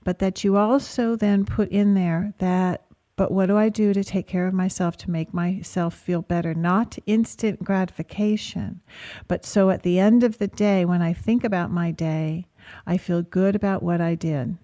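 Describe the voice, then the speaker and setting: A woman hosting a call-in radio advice show, calmly coaching a caller with gentle, repetitive phrasing. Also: fairly low pitch, moderate pace. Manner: calm, coaching, speaks in gentle repeated phrases. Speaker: radio talk show host and therapist.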